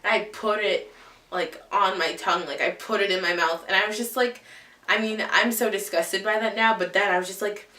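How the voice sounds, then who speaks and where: A woman's voice: medium pitch, steady tone, a little fast, bright, forceful tone, far from the mic. A girl in her late teens, vlogging casual stories to camera in a rambling way, full of "like" and "um". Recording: echoey room, mic set back.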